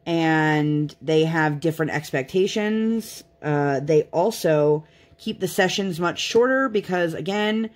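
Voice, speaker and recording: Speaking slowly in a low voice, a young woman chats to her vlog viewers about crafts. She's a mother, and her casual talk to camera is rambling and self-deprecating.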